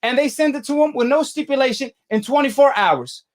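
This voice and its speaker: A man's voice: extremely high pitch, a little fast. A man hosting a boxing call-in show, arguing with a caller in a combative, slangy way and repeating himself. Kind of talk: heated call-in debate.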